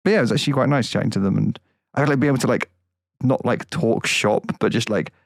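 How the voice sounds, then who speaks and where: A man's voice: mid-range voice, fast, vocal fry, no echo. A young man with a mid-range voice, talking on a podcast. He rambles cheerfully with fillers, recorded close and dry. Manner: chatty, rambling with fillers and laughs. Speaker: podcast co-host. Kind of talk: casual chat.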